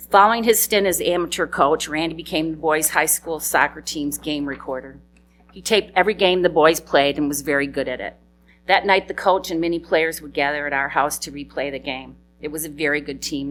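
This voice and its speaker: A woman's voice: deep voice, a bit bright, a little hiss or hum. A middle-aged woman giving a eulogy for her husband, sharing fond, funny anecdotes and laughing through tears. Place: memorial service hall.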